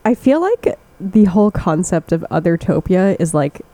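A woman's voice: fairly low pitch, sing-song, normal speed, warm tone, rough recording. A young woman co-hosting a casual chat, describing scents in detail and laughing often. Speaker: podcast co-host. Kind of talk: casual chat about fragrances.

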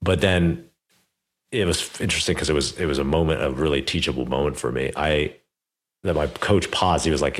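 Very deep-voiced male podcast host. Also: brisk. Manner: animated, many fillers like "like" and "you know". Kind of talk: casual interview storytelling.

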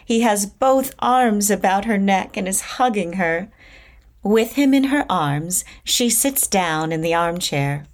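A woman reading stage directions in a plain, measured narration. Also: mid-range voice, expressive.

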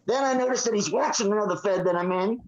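A man's voice: sits high, quick pace, dull audio. A man co-hosting a podcast, ranting angrily and swearing hard. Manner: angry, swearing, fired up. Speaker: podcast co-host. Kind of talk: profane ranting chat.

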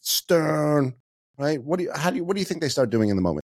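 A man's voice: a little high, very animated, fast talker, a little mellow, slightly rough, no room sound. Guy on a podcast explaining stuff with analogies, dry and close. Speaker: guest, communication coach. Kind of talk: casual interview talk.

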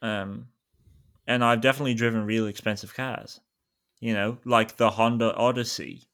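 A man's voice: lowish voice, steady tone, moderate pace, fairly bright tone. A man voicing a nervous young valet driver with a put-on Cockney accent, hesitant and stammering in an improvised comedy scene. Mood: bumbling.

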